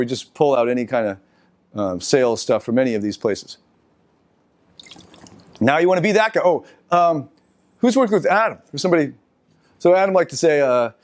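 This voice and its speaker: A middle-aged man giving a live seminar lecture, talking in an animated, halting way with restarts and asides to the audience. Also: a little high. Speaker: seminar speaker.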